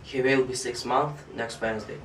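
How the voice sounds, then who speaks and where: A man's voice: mid-range voice, steady tone, normal speed, noisy background. A man, a student, telling a joke carefully and measuredly in a classroom. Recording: echoey classroom, distant mic.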